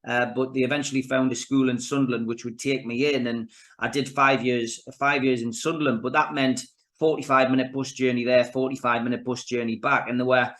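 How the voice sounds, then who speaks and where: A fifty-year-old man with a Geordie accent, relaxed and chatty. He spins long anecdotes in a mid-pitched, everyday voice, as a guest on an informal podcast. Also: brisk. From Newcastle, England. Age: 50s. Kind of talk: casual podcast interview.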